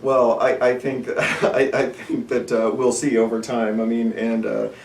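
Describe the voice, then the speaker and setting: A man hosts a relaxed metal chat show, talking loosely and laughing at his own slips. His voice comes from a little way off the mic in an echoey studio. A faint background hiss sits under the talk. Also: medium pitch, measured pace, creaky. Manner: rambling, laughs often, self-deprecating. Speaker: podcast host. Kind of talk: casual chat. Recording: roomy studio, distant mic, faint ambient noise.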